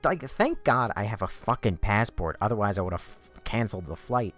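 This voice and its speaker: A man's voice: on the low side, animated, brisk, fairly bright tone, soft background music. A man ranting profanely and in exasperation while chatting on a game livestream from home. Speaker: game streamer. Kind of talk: livestream chat.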